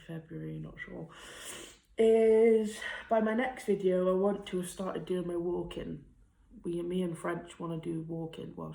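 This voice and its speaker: A young woman, speaking heartfelt and a little tearful in a personal vlog, laughing softly between thoughts. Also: lowish voice, creaky. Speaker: vlogger. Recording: echoey room.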